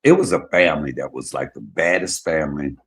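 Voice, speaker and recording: A middle-aged man hosting a casual chat, telling profane, animated stories. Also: extremely low pitch, brisk. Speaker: host.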